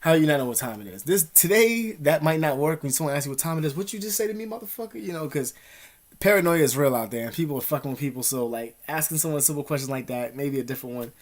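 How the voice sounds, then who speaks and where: A man's voice: medium pitch, fast. A man vlogging casual advice, rambling in profane street slang with many fillers.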